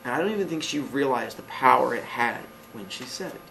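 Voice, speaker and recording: A man's voice: mid-range voice, expressive, a little fast, vocal fry, pushed and bright, slight background noise, poor audio. A man, a teacher, giving an earnest motivational talk to his students and pressing them with rhetorical questions. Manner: earnest, emphatic, asks repeated rhetorical questions.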